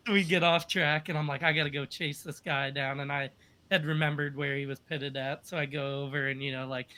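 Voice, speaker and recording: An American man appears as a guest on a podcast, speaking a little fast in a fairly high, level voice with a sharp tone. His storytelling is casual, upbeat and rambling, full of fillers.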